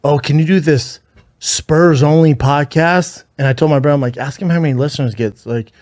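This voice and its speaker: A man's voice: fairly high pitch, a little fast, darkish tone, no echo. A man hosting a podcast in casual chat, rambling and repeating himself. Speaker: podcast host.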